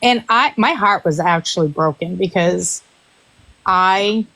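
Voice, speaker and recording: A woman's voice: lowish voice, takes it slowly, pushed and bright, no room sound, poor audio. A woman, a hairstylist, in casual live stream chat, telling a story in an earnest, emphatic way.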